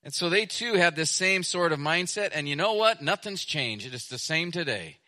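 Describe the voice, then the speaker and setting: A man preaching a sermon as pastor, emphatic, repeating his phrases and swinging between loud stretches and soft, hushed ones. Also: a little high, animated, normal speed.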